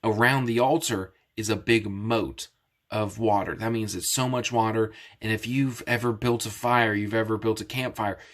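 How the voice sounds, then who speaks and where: A man's voice: on the low side, fairly even intonation, moderate pace. Casual man retelling a Bible story. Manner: casual and explanatory, with many restarts. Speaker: Bible teacher. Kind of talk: Bible story lesson for kids.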